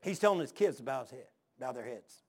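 A man's voice: medium pitch, expressive, fast talker, a little mellow. A middle-aged male pastor preaching a sermon, telling stories and firing rhetorical questions with emphasis.

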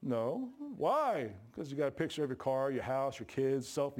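A man's voice: medium pitch, big pitch swings, normal speed. A man preaching a sermon in a church, folksy and joking, with plain colloquial grammar. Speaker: pastor. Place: church sanctuary. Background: congregation responses.

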